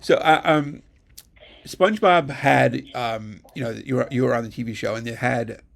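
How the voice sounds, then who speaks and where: Gravelly-voiced male interviewer. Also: medium pitch. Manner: halting, full of fillers and agreeing yeahs. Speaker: podcast interviewer. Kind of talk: casual interview chat.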